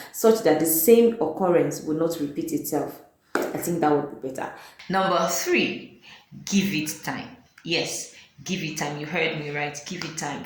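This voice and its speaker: Low-voiced Nigerian woman in an echoey room. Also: slight background noise. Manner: earnest, repeats key phrases. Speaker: vlogger. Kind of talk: motivational talk to camera.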